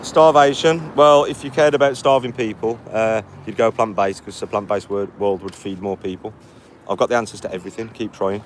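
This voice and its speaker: A man talks to his live chat while out on a long walk, worn out and answering in a blunt, mocking way. His voice sits a little low, and faint street and traffic noise runs behind him. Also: fairly even intonation. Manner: blunt, mocking, quick retorts. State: tired from walking. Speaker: vlogger reading live chat. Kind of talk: casual live-stream chat.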